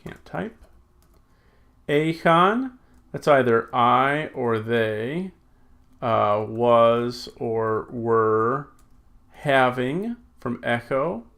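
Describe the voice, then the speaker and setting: Extremely slow and creaky yet fairly bright, this mid-range male voice has lively intonation. A Greek teacher, he works through exercises in a recorded lesson, thinking aloud while typing and correcting himself with many fillers.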